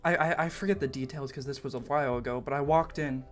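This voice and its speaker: A man's voice: mid-range voice, fast talker, soft background music. A young man casually telling a story from his school days, swearing freely and laughing as he goes. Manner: casual, profane, laughs often while telling. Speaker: storytelling vlogger.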